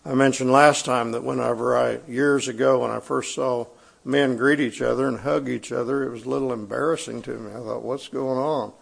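Man preaching, middle-aged, gravelly, mid-pitched, conversational and halting, church sanctuary. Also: steady tone. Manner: conversational, halting with fillers and restarts. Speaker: pastor. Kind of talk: sermon.

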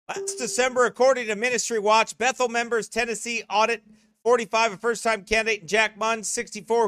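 A man who is a pastor delivering a brash, mocking, rapid-fire rant to an online audience. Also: high voice, a bit bright, dry recording, clean studio sound. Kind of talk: online ranting sermon.

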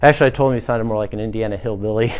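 A man's voice: fairly low pitch, racing. A man, the pastor, preaching a conversational sermon to his church congregation, building to emphatic passages. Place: small church, former bank building.

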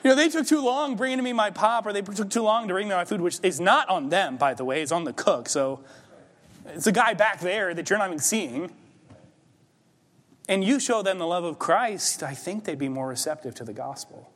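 A man delivering a sermon in a church, his fairly high voice carried by a long hall reverb. He talks to the congregation in a conversational way, then builds to emphatic, forceful peaks. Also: animated, normal speed. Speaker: pastor. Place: church sanctuary.

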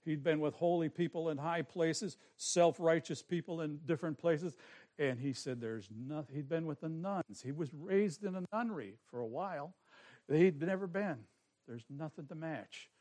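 A man preaches in an earnest, personal way, sharing his own testimony as a sermon. His voice sits a little high for a man. He drops to near hushes and then builds to forceful, emphatic passages. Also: moderate pace. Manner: earnest, swings from soft to forceful.

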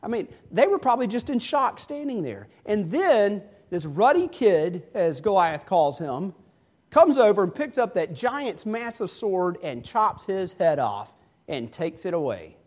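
A male preacher giving a sermon, retelling a Bible story in an animated, storytelling way. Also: sits high, unhurried.

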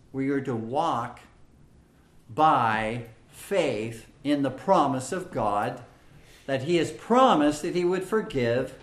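A man preaching an expository sermon in a measured, emphatic way, with frequent fillers and repeated phrases. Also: medium pitch, fairly bright tone. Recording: echoey room.

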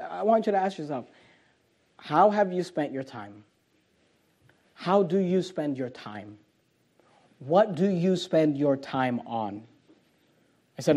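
A man with a notably high voice preaches a sermon with fire, shouting out key phrases and then dropping low and quiet. He hammers home his points by saying them again and again, and he stretches out the words he wants to stress. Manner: fiery preaching, swinging between loud emphasis and quiet, and repeating key phrases. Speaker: pastor.

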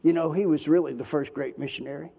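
A man's voice: on the high side, fast talker, vocal fry, warm tone, husky. An older man from Pennsylvania, a missionary preacher, telling his testimony in a folksy sermon style full of fillers. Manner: folksy storytelling with many fillers.

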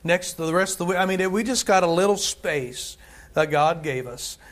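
A man's voice: high voice, moderate pace. A male pastor preaching a sermon in a conversational way, repeating phrases and often adding "right?" and "amen".

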